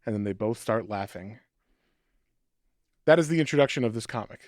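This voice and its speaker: A man casually retelling a comic book's plot in a podcast chat, acting out lines in quick quoted bits. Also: lowish voice, no room sound, clean studio sound. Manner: animated storytelling, acting out quotes. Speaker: podcast co-host.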